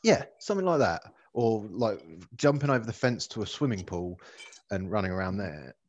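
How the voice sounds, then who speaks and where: A man's voice: fairly low pitch, animated, moderate pace, lo-fi sound. A man giving a sweary, opinionated rant in casual chat. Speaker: podcast co-host.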